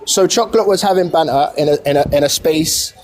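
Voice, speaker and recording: A British man hosting a live stream, calmly steering a heated discussion. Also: on the high side, brisk, slight background noise. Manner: calm, steering the talk.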